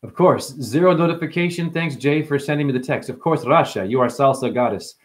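Reading viewers' comments out loud and teasing them by name, this livestream host keeps things casual. His voice sits in the mid range and moves a little quickly.

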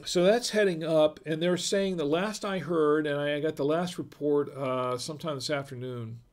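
A man's voice: a little high, moderate pace. A middle-aged man from North Carolina hosting a casual livestream, rambling and chatty with many fillers and restarts. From North Carolina, USA. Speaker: host.

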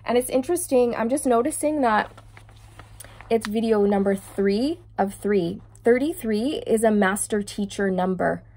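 A woman's voice: a little high, measured pace. A woman tarot reader talking casually about spiritual messages. She sounds earnest and moved, and keeps checking in with her viewers as she goes. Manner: earnest, keeps checking in with okay and you guys; emotionally moved, soft and heartfelt. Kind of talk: casual spiritual channeling chat.

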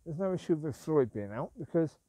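A man's voice: on the high side, lively intonation, a little fast, warm tone, no echo. Grumbling man on a night walk. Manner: grumbling, repeats himself, calls sharply to his dogs. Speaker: vlogger walking his dogs. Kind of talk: rambling walk-and-talk. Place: outdoors at night on a street.

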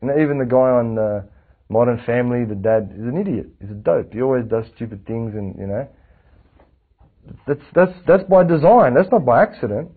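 A man in his late forties leads a class, coaxing his students with question after question. His voice is husky. The recording is thin and phone-like. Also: medium pitch, animated, moderate pace. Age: 40s. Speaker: religious teacher. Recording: tinny lo-fi lecture recording.

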